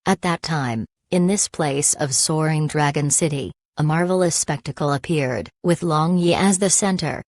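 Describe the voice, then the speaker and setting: Woman narrator, low voice, dry close sound, even and measured audiobook read. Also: dry recording. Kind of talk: scripted narration.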